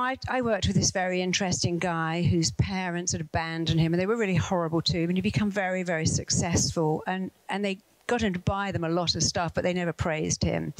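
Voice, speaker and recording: Woman motivational speaker, earnest coaching tone, dry close sound, slows for affirmations. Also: fairly low pitch, no room sound, low-quality recording. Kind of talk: speaking to an audience, guiding an exercise.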